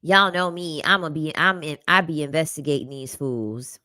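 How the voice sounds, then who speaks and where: A young woman talking through clips in casual commentary, with a sassy, slangy delivery full of laughter. Her voice is bright and forward. It sits dry and close on the mic. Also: low voice, normal speed, no echo. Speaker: commentary host.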